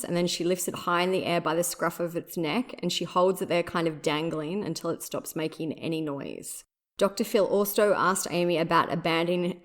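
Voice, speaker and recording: A woman hosting a podcast, reading her notes aloud in a measured way with small fillers. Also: on the low side. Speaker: podcast host.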